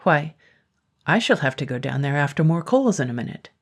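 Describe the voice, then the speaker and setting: A woman's voice: low voice, sing-song, a little fast, exaggerated voice. A woman voicing a frightened blacksmith who stammers and trembles, yet stays polite. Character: timid grown man, a fearful blacksmith.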